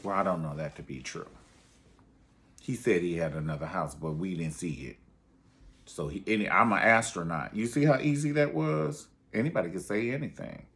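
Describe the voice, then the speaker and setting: A man's voice: deep voice, moderate pace. A man giving casual, dramatic commentary on a reality show, sassy and calling the listener honey. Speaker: reality TV reviewer.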